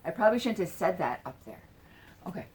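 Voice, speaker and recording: A woman's voice: fairly low pitch, sing-song, fast talker, darkish tone, a little hiss or hum. Woman in her 40s rambling thru a story, swears a lot, tons of likes and ums. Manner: rambling, lots of fillers and swearing. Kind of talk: casual storytelling.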